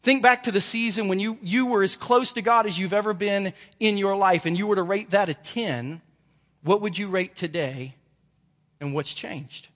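A man's voice: high voice, normal speed, a bit bright. A male pastor delivering a sermon in an emphatic, storytelling way. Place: church sanctuary. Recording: reverberant church hall.

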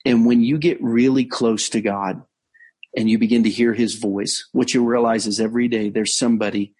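A man, a pastor, telling a story in a conversational sermon, earnest, slowing down to stress key points. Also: medium pitch, fairly even intonation, a little mellow, breathy edge. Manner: earnest storytelling, frequent restarts and slowed emphasis. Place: on location abroad.

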